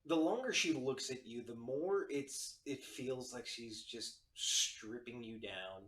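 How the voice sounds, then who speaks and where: A man narrating a tabletop game as game master, halting with many fillers. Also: mid-range voice, fairly bright tone. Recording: roomy, distant mic.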